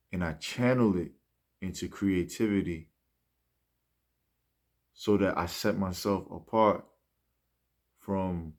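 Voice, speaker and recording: A man speaking in a rambling, reflective monologue, often restarting and trailing off softly. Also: low-pitched. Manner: rambling, many fillers and restarts; soft-spoken, trailing off. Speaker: musician speaking about his mindset.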